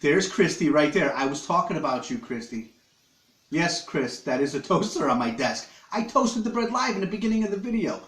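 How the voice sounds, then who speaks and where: A man's voice: a little high, expressive, normal speed, a bit bright, reverberant. A man hosting a casual live stream from his living room, joking crudely with viewers while he eats. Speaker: livestream host. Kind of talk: rambling casual live chat.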